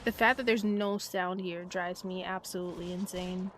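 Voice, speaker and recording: A woman streaming a game, chatting casually and jokingly, swearing freely and swinging between quiet asides and loud outbursts. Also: lowish voice, fairly even intonation, normal speed, background noise. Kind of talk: casual live-stream chat while playing.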